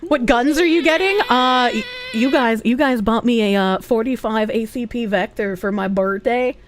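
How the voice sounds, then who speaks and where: A young woman livestreaming casually, giggly and loud, swearing freely as she reads chat aloud. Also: on the high side, moderate pace, a crowd in the background. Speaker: streamer.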